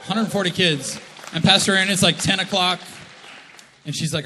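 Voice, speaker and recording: A middle-aged man with a Canadian accent preaches in a big church hall, his bright, slightly raised voice ringing with reverb. He tells jokes and acts out the voices of family members as he goes. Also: high voice, moderate pace. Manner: animated, jokey, acts out quotes. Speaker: pastor. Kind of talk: humorous sermon storytelling.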